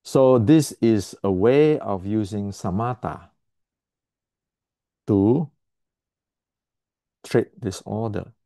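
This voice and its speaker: Blunt, low-voiced man teaching. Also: very slow, pauses often, warm tone, dry recording. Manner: blunt, repetitive, emphatic; clears throat often. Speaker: martial arts teacher. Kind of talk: explanatory lesson to camera.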